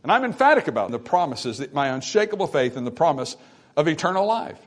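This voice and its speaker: A man preaching a sermon to his congregation, swinging between quiet, intimate stretches and loud, emphatic ones. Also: on the high side, sing-song, fast. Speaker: pastor. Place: church sanctuary.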